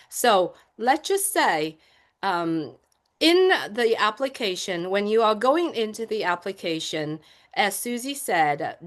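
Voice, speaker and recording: A woman speaking on a live online group call, slow and emphatic, repeating key words for her listeners. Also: medium pitch, a bit bright.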